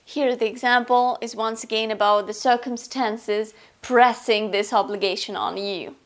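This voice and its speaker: A woman teaching an English grammar lesson, explaining slowly and clearly with examples. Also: on the high side, fairly even intonation. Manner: slow, clear, deliberate explanation.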